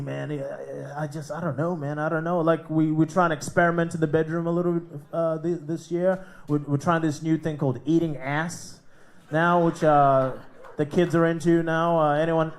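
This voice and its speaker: A man's voice: on the high side, steady tone, moderate pace. An Australian man hosting a live comedy night and doing crude stand-up, swearing and laughing at his own jokes. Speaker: comedy show host and comic. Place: live comedy club stage.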